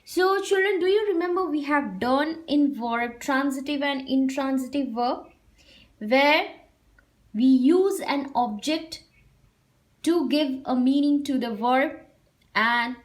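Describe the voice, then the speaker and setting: Woman teacher, high voice, lively sing-song delivery, slow and patient, repeats examples. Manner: slow, repeats example sentences, mixes in Hindi explanations. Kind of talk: English grammar lesson for children.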